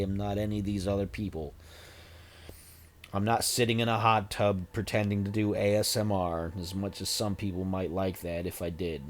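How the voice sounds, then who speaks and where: A man in his forties with a lowish voice speaks at a moderate pace. He's chatting casually on a livestream into a desk microphone, rambling and tossing in self-deprecating, jokey asides.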